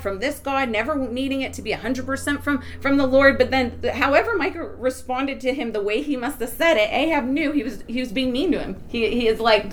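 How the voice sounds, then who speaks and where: A woman with a high voice leads an animated Bible teaching. She is excitable, breaks into laughter and often restarts her sentences mid-thought. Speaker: preacher.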